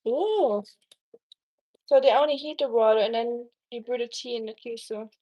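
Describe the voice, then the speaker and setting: The audio is dull as a young woman from Germany chats through her casual cooking live stream, reading viewers' messages aloud with plenty of ums. Her voice is a little high and her speed normal.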